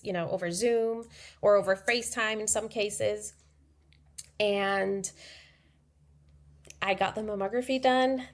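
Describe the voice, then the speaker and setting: A woman in her thirties, a guest on a podcast, telling her personal story candidly and acting out the dialogue. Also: mid-range voice. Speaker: interview guest.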